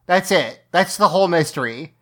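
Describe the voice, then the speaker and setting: A woman's voice: fairly low pitch, animated, normal speed. A woman co-hosting a podcast, casually recapping an episode, chatty and often laughing. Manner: chatty, laughs often, restarts lines while explaining. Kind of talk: casual chat.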